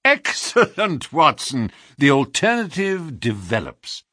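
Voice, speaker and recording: A man reading an audiobook, voicing a sharp, confident detective in a crisp, assured way. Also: a little high, big pitch swings, normal speed, no echo, voice pushed up. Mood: triumphant. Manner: crisp and assured, dry wit. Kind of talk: audiobook character voice.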